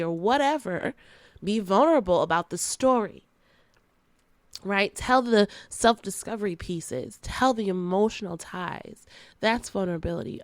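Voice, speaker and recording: A young woman hosts a podcast with frank, casual, slang-filled talk and lots of laughter, animatedly acting out quoted friends in sassy voices. Her medium-pitched voice is unhurried and there's no echo.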